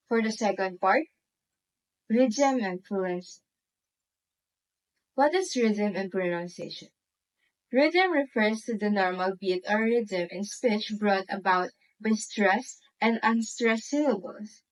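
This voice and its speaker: A woman with a Filipino accent delivers a class presentation at an unhurried pace. Her voice sits in a middle pitch, and she reads each example out carefully and deliberately. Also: low-quality recording. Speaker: student presenter.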